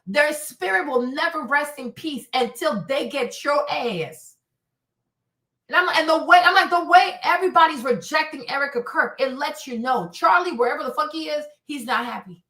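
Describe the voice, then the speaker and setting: A woman's voice: high-pitched, sharp tone. A woman hosting a commentary show, talking heatedly and bluntly, cursing and repeating lines for emphasis. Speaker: host. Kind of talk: casual commentary. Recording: echoey room.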